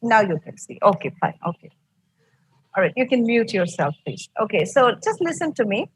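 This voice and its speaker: A woman's voice: fairly high pitch, sing-song, moderate pace, slightly rough, rough recording. A woman with an Indian English accent teaching an online English class, explaining patiently and repeating herself, heard over a video call.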